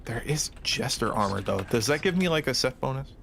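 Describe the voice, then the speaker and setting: A man's voice: medium pitch, animated, a little fast, gravelly, fairly bright tone, slight background noise. A man chatting casually while playing a game with a friend, joking and swearing. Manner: joking, laughs often, swears. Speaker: co-player. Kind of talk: casual gaming chat.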